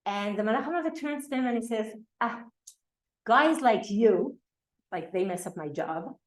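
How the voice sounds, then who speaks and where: A woman's voice: medium pitch, animated, a little fast. Woman teaching in an echoey room. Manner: conversational, with fillers and frequent asides. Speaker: Torah teacher. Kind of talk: lecture to a class.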